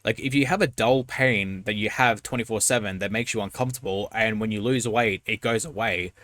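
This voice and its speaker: A man's voice: lowish voice, a little fast, fairly bright tone, no echo. A man in his twenties hosting a reaction video, talking bluntly and with exasperation, swearing now and then. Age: 20s. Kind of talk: casual commentary.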